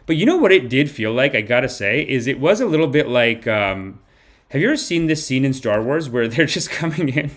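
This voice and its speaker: A man hosting a live comedy podcast, telling a rambling story in an animated way, swearing freely and acting out the people he describes. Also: mid-range voice, brisk. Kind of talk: rambling comic monologue on a live stream.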